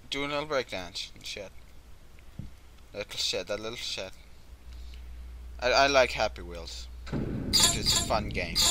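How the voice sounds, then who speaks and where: A young man giving casual let's-play commentary, excitable and swearing, often yelling at the game. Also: mid-range voice, noisy background. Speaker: gaming channel host. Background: game music and sound effects.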